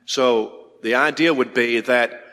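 A man's voice: mid-range voice, slow, a bit bright. A male preacher delivers a sermon in an emphatic, insistent way, circling back to key words to drive them home. His voice sits in a middle register. It carries a long reverb, as if recorded in a large hall.

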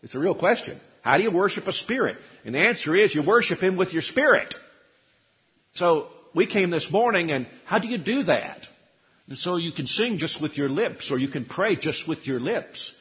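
A man's voice: a little high, lively intonation, moderate pace, fairly bright tone, big-room sound. A man preaching a sermon, quoting scripture and asking his congregation questions, rising to emphatic peaks. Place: church sanctuary.

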